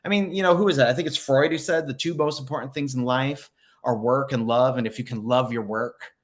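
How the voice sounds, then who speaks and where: A man's voice: mid-range voice, brisk. A man hosting a spiritual direction livestream in casual chat, reading viewer comments aloud with many fillers and upbeat encouragement.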